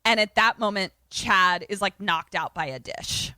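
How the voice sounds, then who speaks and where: A young woman co-hosting a podcast, casually recapping a movie in animated fashion, acting out the characters' lines and swearing freely. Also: mid-range voice, unhurried, no room sound, clean studio sound. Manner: animated storytelling with quoted voices, frequent swearing. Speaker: podcast co-host.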